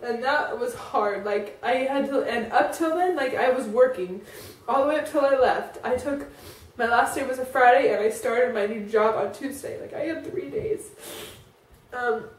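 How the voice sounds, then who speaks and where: A high-voiced woman in her thirties tells a personal story to camera, rambling and restarting, filling gaps with "like". She sits back from the mic in an echoey room, so her voice sounds roomy. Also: normal speed, distant mic. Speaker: vlogger.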